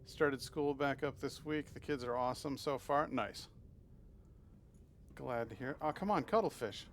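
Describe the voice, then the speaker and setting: A man live-streams a video game, chatting playfully with his viewers and cooing at the creatures on screen. His voice sits in the mid range and moves at a normal speed, with a little hiss or hum in the audio. It's casual live-stream chat during play.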